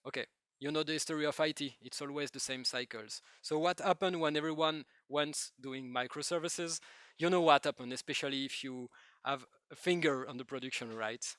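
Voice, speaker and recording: A man with a French accent giving a joking, lively tech talk to a live audience. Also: on the high side, a little fast, no room sound, studio quality. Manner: lively, joking, with non-native phrasing. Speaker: conference speaker.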